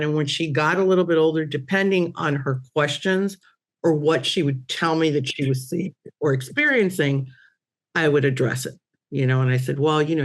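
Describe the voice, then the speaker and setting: A middle-aged woman on a podcast panel, telling a personal story in a casual, animated way. Her voice jumps high when she quotes exclamations. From Cuban-American family.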